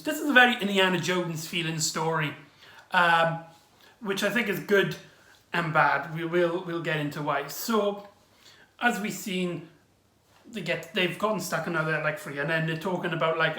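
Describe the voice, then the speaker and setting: A man giving a casual, rambling recap review of a TV episode, excitable and full of exclamations. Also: on the high side, moderate pace. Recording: echoey room.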